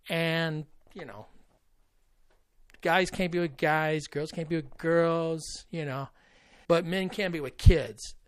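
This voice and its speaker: Man as a sarcastic Easter bunny, satirical rant, keeps digressing; slightly high voice, dry close sound. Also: no echo, natural voice. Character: snarky rambling male Easter bunny. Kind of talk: satirical comedy monologue.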